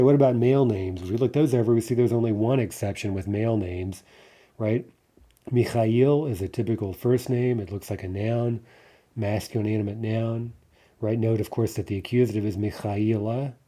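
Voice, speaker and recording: A man's voice: on the low side, warm tone. A man giving a grammar lesson, explaining step by step, checking in with "right?" and drawing out the example words. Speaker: Russian language teacher. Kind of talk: lecture-style grammar lesson.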